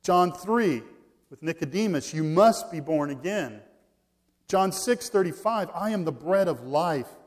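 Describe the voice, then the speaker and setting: A man preaching a sermon in a fairly high voice. He works through scripture verse by verse and hammers his points by repeating them. His delivery swings from loud stressed lines to quiet, soft endings. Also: expressive, unhurried. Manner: emphatic, repeats key phrases, swings between loud stresses and quiet drops. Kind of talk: expository sermon.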